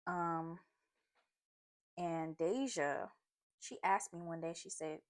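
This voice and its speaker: A chatty woman tells a story from her own life while she eats, in a loose, animated way. She fills her talk with asides and fillers and keeps checking in with her listener. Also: on the low side, slow. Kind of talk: casual storytime while eating. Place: at home, eating a seafood boil.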